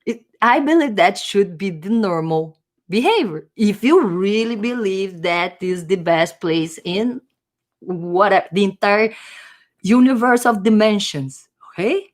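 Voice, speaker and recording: A woman's voice: mid-range voice, expressive, slow. Rambling, hesitant woman vlogger. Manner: rambling, hesitant, searching for words. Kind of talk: casual musing monologue.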